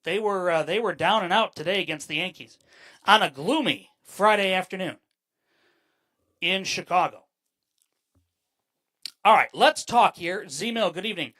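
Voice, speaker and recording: A man's voice: high voice, moderate pace, pauses often, bright, forceful tone, dry recording. A man hosting a live sports podcast, rambling with fillers and repeated words and greeting viewers by name as he goes. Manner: greets chat viewers by name mid-thought. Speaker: podcast host. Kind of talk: live-streamed sports talk.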